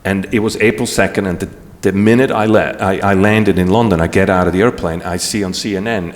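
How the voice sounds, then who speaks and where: A man giving a talk as guest speaker, telling a personal story with emotion and frequent restarts. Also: lowish voice. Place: large event hall. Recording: long hall reverb.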